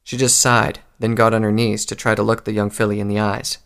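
A man reading a story aloud in a calm, measured narration. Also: fairly low pitch, creaky, smooth.

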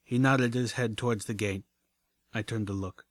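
A man narrating a first-person adventure story in a steady, measured reading. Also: fairly low pitch, no echo, clean studio sound. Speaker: audiobook narrator.

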